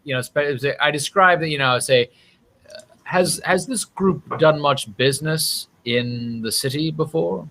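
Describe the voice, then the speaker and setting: A man playing a tabletop game, speaking in character in a slow, hesitant way with many fillers. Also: on the high side, fairly bright tone, a little hiss or hum. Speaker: player.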